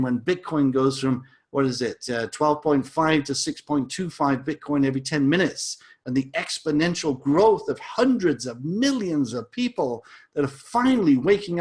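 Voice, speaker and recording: A man teaching a crypto lesson over a chart, enthusiastic and salesy, with frequent repeated words and asides. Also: a little high. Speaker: crypto educator.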